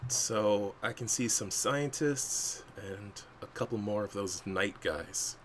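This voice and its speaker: A man playing a tabletop game, casual and energetic, slipping into in-character banter. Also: lowish voice, slow, a little hiss or hum. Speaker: player.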